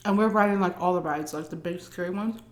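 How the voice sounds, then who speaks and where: A woman's voice: lowish voice, fast talker. Chatty woman telling a story in an echoey room. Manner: chatty, full of "like" and "um" fillers. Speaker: vlogger telling a personal story. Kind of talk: casual storytelling.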